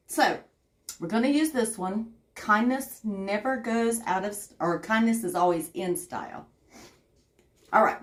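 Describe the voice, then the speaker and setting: A woman with a Southern accent chatting casually on a craft livestream, greeting viewers by name as she works. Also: a little high. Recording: echoey room.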